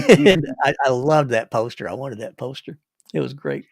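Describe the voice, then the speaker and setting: An older man spins casual stories for his livestream in a gravelly voice. He rambles, restarts and chuckles along the way. The sound is dry and close, with no room around it. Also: medium pitch, sing-song, moderate pace, no echo. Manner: rambling, repeats words, chuckles. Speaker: livestream host. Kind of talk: casual storytelling.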